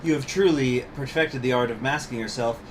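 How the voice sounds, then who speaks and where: A man's voice: mid-range voice, fairly quick, slight background noise, close to an everyday voice. A man voicing a stern, contemptuous revolutionary judge, reading game dialogue aloud in a cold, accusing tone.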